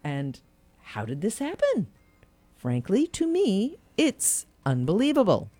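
A woman talks politics as a show co-host, indignant and emphatic, laughing often. Her voice is mellow and dark, at a middle pitch for a woman. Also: huge pitch swings, slow pace. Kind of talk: casual political chat.

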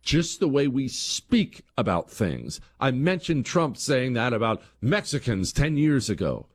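A man hosting a talk radio show, delivering an emphatic monologue that climbs to heated peaks and drops low and quiet. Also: very animated, a little slow.

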